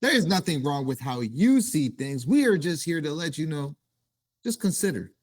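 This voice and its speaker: A man's voice: on the high side, big pitch swings, moderate pace. A man co-hosting a motivational talk, pressing listeners to think for themselves and commit. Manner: urges, then shouts to drive a point home. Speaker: co-host.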